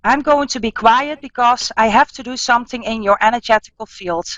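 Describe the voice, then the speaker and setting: A woman medium giving a spiritual healing reading, talking in soothing, repetitive, halting phrases. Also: a little high, a bit bright, no echo, dull audio.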